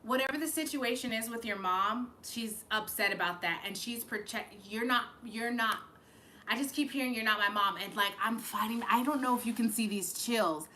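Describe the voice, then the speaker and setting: Woman, live-stream psychic reader; bright, pressing tone; tearful, rambling, profane. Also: fairly high pitch, moderate pace, a little hiss or hum. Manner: emotional, rambling, with frequent swearing and restarts. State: fighting back tears. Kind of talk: live-streamed channeled reading.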